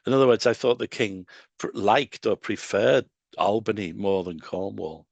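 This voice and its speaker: Male lecturer with a lowish voice, unhurried and explanatory, dry recording. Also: gravelly, dry recording. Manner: explanatory, measured, with pauses and fillers. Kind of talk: public lecture.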